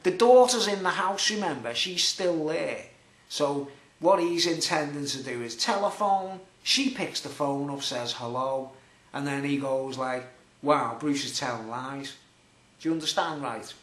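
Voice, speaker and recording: A man, chatty and animated, telling a long rambling story to his viewers. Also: fairly high pitch, unhurried, roomy sound. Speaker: vlogger.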